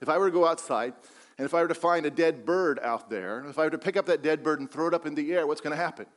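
A man's voice: a little high, quick pace. Emphatic male pastor preaching. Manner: emphatic, repeats key phrases. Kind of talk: sermon.

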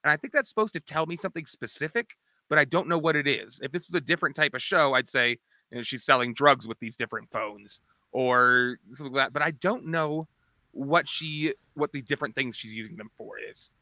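A man co-hosting a casual podcast, musing deliberately with some fillers. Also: a little high, pushed and bright, dry recording. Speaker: podcast co-host.

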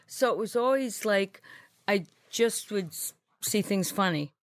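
A woman comedian telling stories in a casual interview, sarcastic and deadpan, acting out people she quotes. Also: medium pitch, measured pace, no echo, clean studio sound. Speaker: guest comedian. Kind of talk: casual chat with acted-out quotes.

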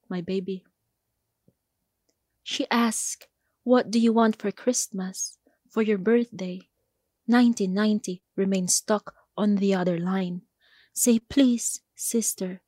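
A woman poet from the Philippines, reading her poems aloud and then answering interview questions in a slow, measured way. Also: mid-range voice, a little mellow, no room sound, clean studio sound. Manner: slow, measured, deliberate delivery.

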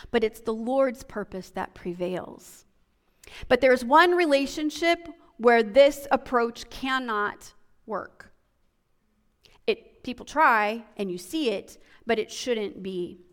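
A woman pastor preaching a sermon, animated, moving between quiet and loud passages. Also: high voice, in a large hall. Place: church sanctuary.

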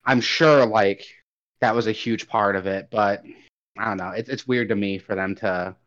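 A young man co-hosting a casual gaming chat, rambling and animated, swearing casually as he goes. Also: fairly low pitch, normal speed. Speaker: podcast co-host. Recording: dull lo-fi audio.

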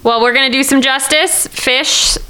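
A woman with a bright, somewhat high voice plays a tabletop role-playing game. She describes her character's actions with frequent giggles, and faint noise sits behind her. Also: fairly even intonation, normal speed, poor audio. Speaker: player.

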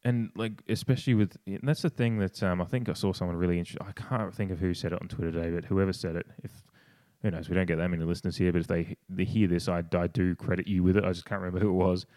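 This podcast co-host has a steady, mellow voice, talks fast, and is recorded with no room sound. In casual, opinionated conversation he gets passionate and curses, often starting sentences over and imitating others in a raised pitch.

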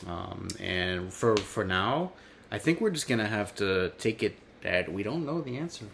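A man's voice: lowish voice, big pitch swings, a little slow, creaky, fairly bright tone, slight background noise. An American man hosting a casual comedy podcast, quizzing his co-host in a playful, mock-dramatic way. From United States.

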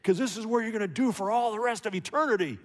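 A man's voice: sits high, fast, voice pushed up. A man putting on the voice of an exasperated woman choir director who bellows stern orders at a group of boys. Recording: long hall reverb.

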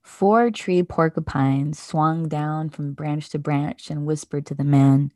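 A woman podcast host reading a children's picture book aloud in a gentle, measured way. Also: sits low, steady tone, no room sound, clean studio sound.

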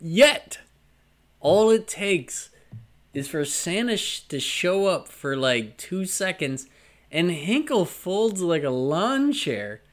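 A man's voice: sits high, sing-song, slow. Joking man chatting on a podcast. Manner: laughing, joking, puts on silly voices. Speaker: podcast co-host. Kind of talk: casual chat.

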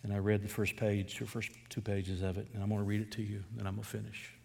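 A man's voice: lowish voice, little pitch movement, fast, vocal fry, darkish tone, in a large hall, a little hiss or hum. A middle-aged man from Atlanta, preaching a sermon as a pastor in a conversational, storytelling way with fervent emphasis. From Atlanta, USA.

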